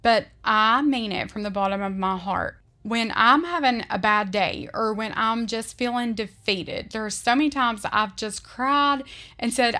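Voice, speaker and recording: A woman's voice: a little high, pushed and bright. Earnest woman vlogger, heartfelt. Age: adult. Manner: earnest, emotional, often slow and deliberate. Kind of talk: heartfelt faith-based vlog talk.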